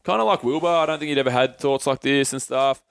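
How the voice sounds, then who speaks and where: A man's voice: medium pitch, fast talker, vocal fry, smooth, no room sound, clean studio sound. A young man co-hosting a podcast, telling a personal story in casual chat, swearing freely and acting out his friends' voices. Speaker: podcast co-host.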